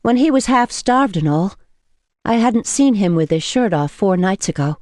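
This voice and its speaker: A woman reading a novel in first person as an audiobook narrator, measured and intimate. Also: medium pitch, animated, darkish tone, no room sound, studio quality.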